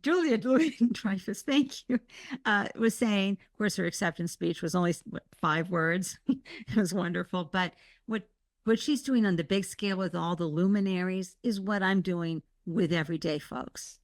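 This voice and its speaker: A woman guest talking in an interview, passionate and emphatic, with animated bursts of enthusiasm. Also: mid-range voice, normal speed, no room sound, clean studio sound. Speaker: guest, startup mentor and podcast host. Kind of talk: conversational interview.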